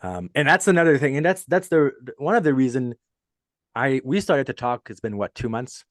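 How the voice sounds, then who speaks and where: A man's voice: medium pitch, lively intonation, moderate pace, no room sound, clean studio sound. A man with a French Canadian accent hosting a casual podcast chat, earnest and rambling, laughing often as he tells stories. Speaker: podcast host.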